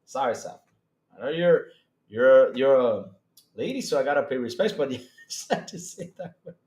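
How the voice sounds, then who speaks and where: Man, streamer, casual chat, swears a lot, keeps cracking up, mid pitch, echoey room. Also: normal speed. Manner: giggly, swearing, breaks into laughter constantly; talks to chat directly, animated and excitable. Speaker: streamer host. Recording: roomy echo.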